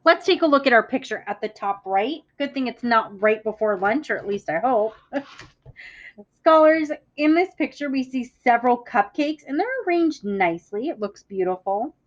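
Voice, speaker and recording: A woman teacher giving a classroom vocabulary lesson, speaking clearly and deliberately, stressing words for the class to echo. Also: on the high side, expressive. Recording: muffled lo-fi audio.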